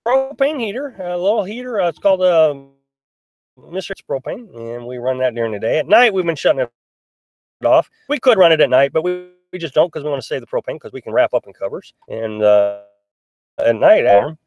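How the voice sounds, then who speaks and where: His voice fairly high and swinging widely in pitch, a middle-aged man briskly reads out and answers viewer comments on a casual live stream in a small pop-up camper. The talk is chatty and rambling, with frequent restarts and fillers, and the highs in the audio are cut off.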